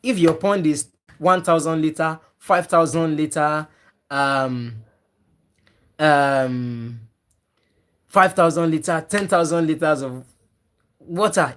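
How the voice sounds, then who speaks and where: Male trainer, slightly high voice, emphatic and repetitive, runs a live online class and talks to the chat. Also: unhurried, fairly bright tone. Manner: emphatic, repeats key points many times; talks to viewers typing in the chat. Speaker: fish farming trainer.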